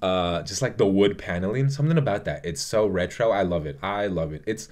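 A man's voice: deep voice, a little fast, a little mellow. A young man chatting casually about a movie he loves, rambling and gushing, with lots of swearing and fillers. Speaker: vlogger reviewing a movie. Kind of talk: casual movie review chat.

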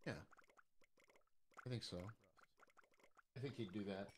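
A young man streaming a game and chatting casually with friends, excitable and swearing when surprised. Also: on the low side, a little slow. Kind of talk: casual gaming chat.

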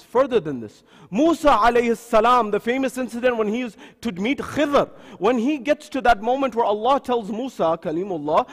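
A man's voice: high voice, slightly rough. A man giving a religious lecture who tells stories and acts out the figures he quotes. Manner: storytelling, acting out the quoted figures. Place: mosque hall. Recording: long reverb of a mosque hall.

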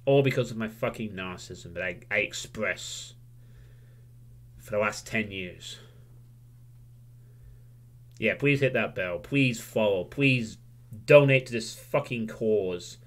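A man's voice: lowish voice, slow pace, pauses often. A man livestreaming a candid, self-critical monologue; he swears freely and rambles, losing his train of thought at times.

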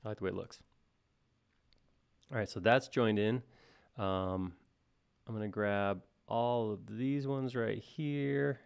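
Man, gravelly voice, live tutorial instructor, thinking aloud, casual. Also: on the low side, slow pace, pauses often. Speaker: software instructor. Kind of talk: live-stream modeling tutorial.

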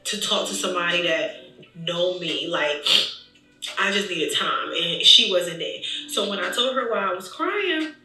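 A woman vlogger tells an emotional story in a very bright, sharp voice, chatting straight to her viewers. She sounds a bit away from the mic in an echoey room. Faint music plays underneath. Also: on the low side, moderate pace, distant mic. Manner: animated, chatty, addresses viewers directly.

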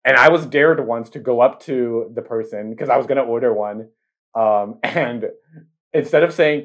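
A man's voice: medium pitch, moderate pace. A young man in his twenties with a mid-range voice co-hosts a casual podcast. He rambles through his stories, filling gaps with "like" and "um". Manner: rambling, filler-heavy storytelling. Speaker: podcast co-host. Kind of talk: casual chat.

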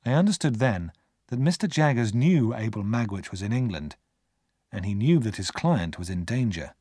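A man narrating an audiobook in expressive storytelling fashion. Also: on the low side, moderate pace, breathy edge, no room sound, studio quality. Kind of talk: scripted narration.

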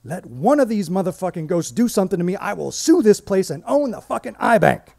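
A brash, foul-mouthed woman coworker, put on by a man telling a story screeches in a raised, strained voice. She swears freely and talks fast and loud. The voice sits well above the teller's own. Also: very animated, vocal fry, heavily acted. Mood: panicked. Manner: profane, shrill, screeching.

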